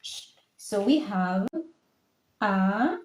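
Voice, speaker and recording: A woman teaching a French lesson, saying each word slowly and repeating it for learners to copy. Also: medium pitch, animated, a little mellow. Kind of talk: classroom language lesson.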